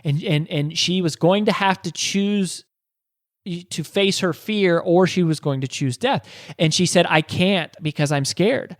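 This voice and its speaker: Man, podcast host, motivational storytelling, earnest, slightly high voice, dry close sound. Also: unhurried, no room sound. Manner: earnest, many restarts and rhetorical questions.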